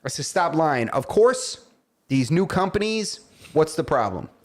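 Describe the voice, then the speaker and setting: This is a man with a fairly high speaking voice who co-hosts a podcast. He talks in casual chat and tells stories with a lot of energy. He acts out the voices of the people he quotes. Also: very animated, a little slow. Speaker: podcast co-host.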